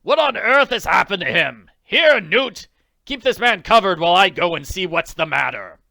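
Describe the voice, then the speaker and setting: A man voicing an angry, blustering villainous pilot, shouting impatiently. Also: sits high, sing-song, unhurried, vocal fry, no echo, pitched above the performer's own voice, exaggerated voice.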